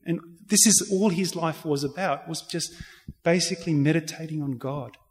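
A man's voice: fairly high pitch, normal speed. A man, speaking as an interview guest and telling an earnest personal faith story, with frequent restarts. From Australia. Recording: reverberant hall sound.

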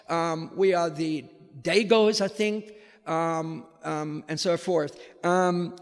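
A man's voice: high voice, big-room sound. A middle-aged man, a priest, giving an emphatic lecture and putting rhetorical questions to the audience. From Australia.

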